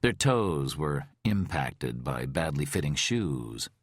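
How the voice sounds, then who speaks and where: A man narrating an audiobook thriller in a slow, deliberate, tense way. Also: very deep voice, sing-song, no echo, studio quality.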